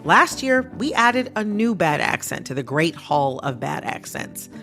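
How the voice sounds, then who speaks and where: A woman hosts a radio show, her voice swinging widely in pitch as she leans into each point with playful indignation. She sounds close to a studio mic, with faint music underneath. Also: unhurried. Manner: lively, emphatic, playfully indignant. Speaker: podcast host. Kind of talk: scripted radio narration and interview. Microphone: studio microphone.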